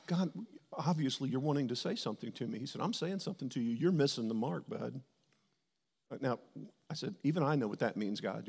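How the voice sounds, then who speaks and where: Middle-aged male pastor, gravelly tone, candid sermon storytelling, echoing church hall. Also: medium pitch. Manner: candid storytelling with sudden loud quoted outbursts. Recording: long hall reverb.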